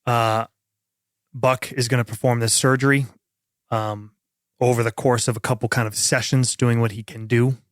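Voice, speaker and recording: A man's voice: medium pitch, little pitch movement, normal speed, no room sound, studio quality. A man narrating as game master of a tabletop role-playing game, setting scenes in an easygoing way.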